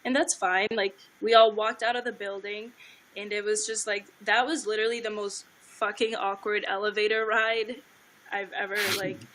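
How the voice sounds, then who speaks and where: A woman's voice: mid-range voice, level tone, normal speed, a bit bright, poor audio. A young woman telling her side of a story in a casual livestream, rambling, swearing, and saying "like" constantly. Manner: rambling, heavy filler "like", swears freely.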